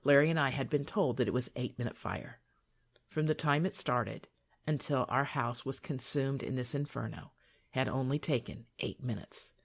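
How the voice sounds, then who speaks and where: Older woman, gravelly voice, calm memoir reading, soothing and measured. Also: rumbling low. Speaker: author reading her memoir.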